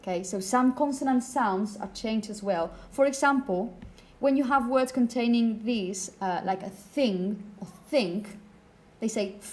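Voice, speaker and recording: A woman's voice: a little high, measured pace, few pauses, darkish tone. A woman teaching a phonetics class in a classroom, chatty and apologetic, putting questions to her students. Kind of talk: classroom lecture.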